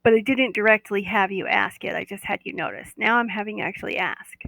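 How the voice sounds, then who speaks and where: Gravelly woman guiding a meditation. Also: mid-range voice, fairly quick, few pauses, a bit bright, no room sound, poor audio. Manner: soothing, coaxing, repeats cues like "that's right". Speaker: guided meditation teacher. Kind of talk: guided body-awareness meditation.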